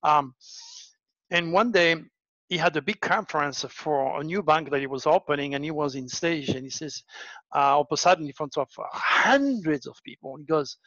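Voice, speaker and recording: A man's voice: normal speed, no echo. A man, an astrologer, telling stories in a casual monologue, acting out the voices of the people in them. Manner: animated, acts out quoted voices with big pitch jumps. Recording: dull lo-fi dry recording.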